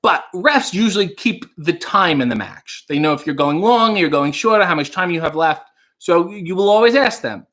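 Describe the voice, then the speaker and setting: Rambling man with a lively voice. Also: high-pitched, moderate pace. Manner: rambling storyteller reading out chat comments. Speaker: livestream host. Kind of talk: casual livestream chat.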